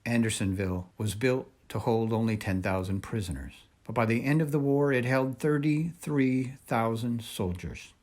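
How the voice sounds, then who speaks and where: A man reading a children's storybook aloud in a measured, expressive way. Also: mid-range voice. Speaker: reader.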